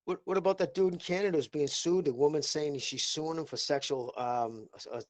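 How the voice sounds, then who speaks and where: A man's voice: on the high side, fairly quick, no echo. Boston man, co-host, rambly and foul-mouthed, dry close sound. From Boston area, USA. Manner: rambling, profane, many restarts. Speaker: podcast co-host. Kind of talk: casual podcast chat.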